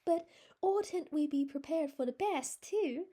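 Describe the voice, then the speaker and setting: A woman's voice: little pitch movement, fast talker, breathy edge. A woman voicing an earnest teenage girl. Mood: pleading. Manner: pleading, high and bright. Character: hopeful sixteen-year-old girl, earnest and dreamy.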